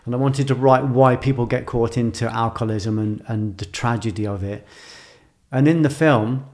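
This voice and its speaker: Here a writer and filmmaker reflects on his own life in a monologue full of intensity and emotion, with phrases repeated for emphasis. He speaks at a moderate pace in a medium-pitched, darkish male voice.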